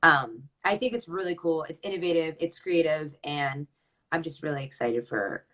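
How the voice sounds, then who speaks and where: Woman in her twenties, lacrosse player and coach, chatty and upbeat, lowish pitch. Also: moderate pace, a bit bright, low-quality recording. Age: 20s. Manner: chatty, lots of ums and restarts, upbeat. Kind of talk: casual chat.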